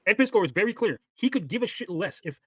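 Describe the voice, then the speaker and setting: Fast-talking heated male stream host. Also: high voice, big pitch swings, breathy edge, dry recording. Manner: heated, argumentative, swears a lot. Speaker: livestream commentary host. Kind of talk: casual profane stream commentary.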